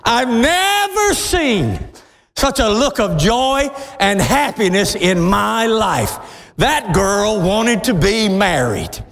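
High-voiced preacher shouting in a big church hall. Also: male voice, sing-song, takes it slowly. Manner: storytelling, building to shouted exhortation. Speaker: pastor. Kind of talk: sermon. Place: large church sanctuary with congregation. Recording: long hall reverb, crowd and room noise.

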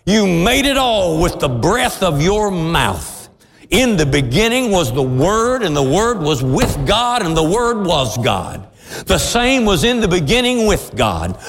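A man preaching a sermon in a church, with fervent, drawn-out emphatic phrases. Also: high voice, big pitch swings. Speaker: pastor. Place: church sanctuary with congregation responses. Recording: long church reverb.

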